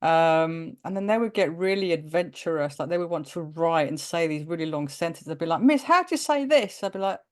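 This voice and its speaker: A woman's voice: low-pitched, brisk, few pauses, clean tone. A woman, a primary teacher of Greek descent, telling stories in a casual interview and acting out the dialogue. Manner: animated storyteller, acts out quoted dialogue, laughs often. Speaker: guest teacher.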